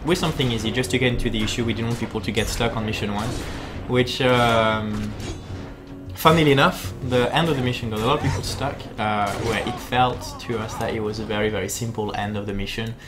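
A man speaking as a game designer, giving chatty, halting live-stream commentary while he plays, full of fillers and repeated words. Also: mid-range voice, steady tone, music in the background. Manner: chatty and jokey.

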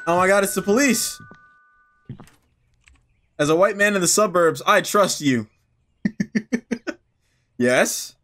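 A man's voice: sits high, animated, slow, pauses often, fairly bright tone. Joking young man playing horror games. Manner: joking, profane, talks back to the game. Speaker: gaming YouTuber. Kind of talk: let's-play commentary.

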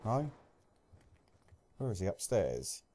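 A young man commentating live gameplay, swearing often and yelling at kills and deaths, with a slight cough. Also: lowish voice, takes it slowly, slight background noise. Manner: excitable, swears a lot, shouts at game events. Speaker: gaming commentator.

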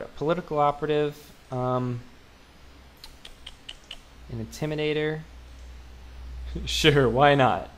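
A man's voice: medium pitch, a little hiss or hum. A young man giving casual, rambling commentary as he plays a video game, mocking himself, with lots of fillers and restarts. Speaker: gaming video host. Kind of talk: casual let's-play commentary.

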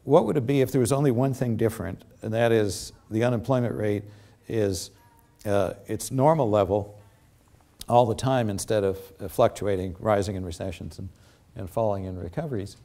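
An older man giving an academic lecture with slides, halting often and filling pauses with many ums and restarts. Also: fairly low pitch, dark tone. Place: lecture theatre.

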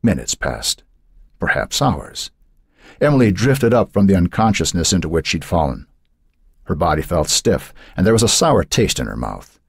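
A man narrating a horror novel in a measured, dramatic way. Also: low-pitched, very animated, gravelly, breathy edge, no echo, clean studio sound. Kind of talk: audiobook narration.

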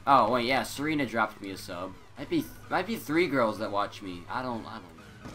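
Rambling excitable teen boy gamer. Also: mid-range voice, moderate pace. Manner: scattered, self-interrupting, excitable. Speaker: gaming YouTuber. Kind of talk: rambling casual commentary.

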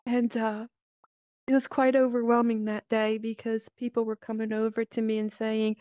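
A woman giving a personal faith testimony in an earnest, halting way, with many pauses and fillers, speaking into a VR headset microphone. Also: fairly high pitch, flat delivery, mellow, dry recording. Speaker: church member giving a testimony. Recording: dull, dry lo-fi headset audio.

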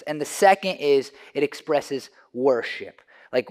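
A man's voice: mid-range voice, unhurried. A man, a pastor, preaching a casual, conversational sermon in a church and often restarting his sentences. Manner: conversational, restarts often, drops to a soft hush for the story.

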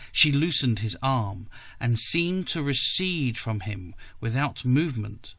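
A man reading a classic story aloud for a podcast, slowly and deliberately. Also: medium pitch, expressive, pushed and bright, no room sound. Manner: slow, careful and deliberate. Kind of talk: audiobook-style story reading.

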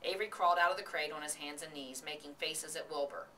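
A woman reading a children's book aloud in a steady storytelling voice, recorded from a distance with faint hiss. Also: sits low, fast. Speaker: reader.

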